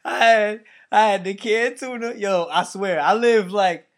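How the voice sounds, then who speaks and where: A man's voice: sits high, unhurried. A man in casual chat, chiming in with short, laid-back remarks and memories. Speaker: friend in a casual conversation.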